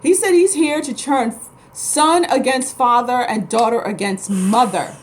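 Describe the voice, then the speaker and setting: She's a New York City woman who vlogs about spirituality and practices Reiki, speaking unhurriedly in a voice on the high side. A little hiss or hum runs under her blunt, emphatic, rambling talk to camera.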